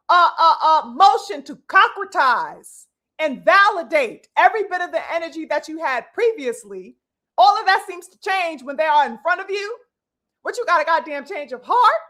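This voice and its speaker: A woman delivers a live-stream boxing commentary rant in a very high voice. Her tone is bright and sharp, and she hammers her point with profanity and stacked rhetorical questions. She calls out to her listeners as brothers and sisters, like a preacher working a congregation. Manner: addresses the audience like a preacher.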